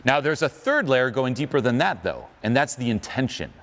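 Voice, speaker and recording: A man's voice: mid-range voice, big pitch swings, normal speed, fairly bright tone. A man coaching on social skills in an emphatic motivational talk, asking the audience questions.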